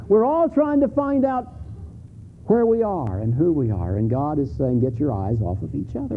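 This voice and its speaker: Middle-aged male pastor, sermon, gravelly, candid and conversational, phone-quality sound. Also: fairly high pitch, expressive, normal speed. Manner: conversational and candid, with repeated restarts and rising emphatic peaks. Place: church sanctuary. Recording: phone-like lo-fi sermon recording with faint hiss.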